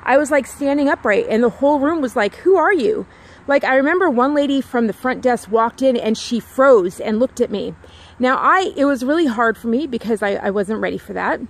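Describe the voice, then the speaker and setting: A woman's voice: a little high, lively intonation, a little fast. A woman vlogger in a casual, rambling chat, talking outdoors near her home and repeating herself with lots of "like"s.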